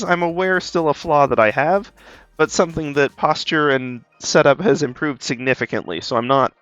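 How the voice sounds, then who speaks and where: A man's voice: medium pitch, a bit bright, clear, resonant tone, no room sound, dull audio. A tired but bubbly man chatting casually while he draws on stream, rambling with lots of ums and little laughs. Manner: rambling, upbeat, chuckles, many ums. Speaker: art streamer.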